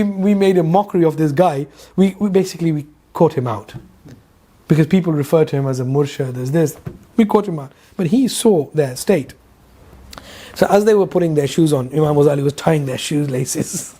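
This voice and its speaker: A man teaching a religious lesson as a lively storyteller who acts out each character's lines. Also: on the high side, fairly quick. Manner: animated storyteller, acts out dialogue, laughs often. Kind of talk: storytelling lecture.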